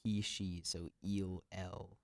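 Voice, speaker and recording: Young man, very deep voice, dry close sound, wry podcast co-host. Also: level tone, takes it slowly, dry recording. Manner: wry, jokey. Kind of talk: casual chat.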